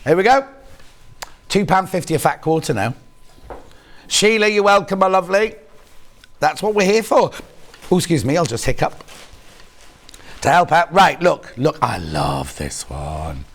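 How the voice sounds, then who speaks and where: A man's voice: high voice, expressive, normal speed, long pauses, a bit bright. A man presenting a live shopping show, chatting playfully, teasing colleagues and reading out viewer messages. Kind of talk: live on-air selling chat.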